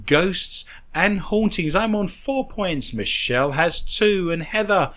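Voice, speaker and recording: A man's voice: high voice, animated, slow, a bit bright. A man hosting a comedy podcast, reading odd news stories aloud and riffing on them with jokes. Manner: jokey, riffing on absurd details. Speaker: podcast host.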